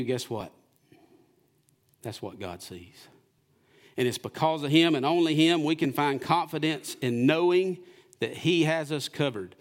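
A man, preaching a sermon in church, asking the congregation questions and swinging between loud and hushed delivery. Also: medium pitch. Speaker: pastor.

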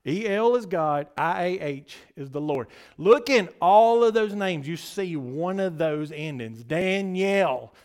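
A man preaching in a casual, conversational way, with a high voice that swings widely up and down. He takes his time, keeps asking his listeners "okay?" and laughs often. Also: animated, slow pace, few pauses, darkish tone, clear, resonant tone. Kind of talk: casual sermon to a congregation.

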